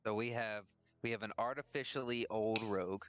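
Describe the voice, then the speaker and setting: A man's voice: lowish voice, steady tone, normal speed, a bit bright, no room sound. A man who plays in a tabletop game, joking and offering help in casual chat over a voice call. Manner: joking, helpful. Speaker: player. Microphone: online voice call.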